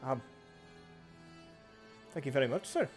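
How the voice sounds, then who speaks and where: A man voicing a gruff but friendly male dwarf king who says aye and lad. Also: medium pitch, expressive, a little slow, soft background music, natural voice. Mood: jovial.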